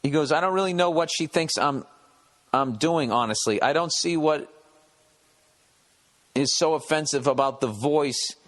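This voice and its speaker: A man's voice: a little high, normal speed, long pauses, fairly bright tone. A man hosting a podcast, reading a listener's email aloud and picking it apart in a wry, profane way. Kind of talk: casual podcast chat.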